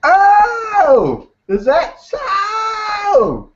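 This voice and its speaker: Cartoonish baby big-mouth frog, squealing and loud. Lo-fi recording. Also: male voice, huge pitch swings, noisy background, exaggerated voice. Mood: shrill excited. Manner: shrill, shouted, drawn-out questions. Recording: dull lo-fi recording.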